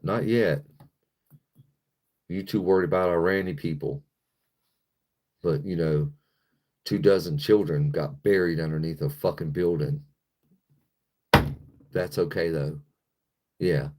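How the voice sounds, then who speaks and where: A rumbling low voice with a darkish tone belongs to an American livestreamer who rants furiously and swears while going through his chat.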